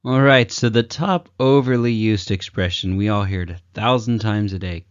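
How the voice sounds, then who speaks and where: An animated man with a fairly low voice talks through communication tips and plays out the example lines with big leaps in pitch. The sound is dry and a little muffled, like a modest home setup. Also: normal speed, hardly any pauses, clean tone, dry recording. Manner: energetic, acts out examples with big pitch swings. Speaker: communication coach. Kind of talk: casual advice talk to camera.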